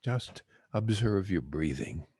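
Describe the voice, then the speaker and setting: Man as a terse calm Zen master. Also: low voice, slow pace, husky, no echo, clean studio sound, exaggerated voice.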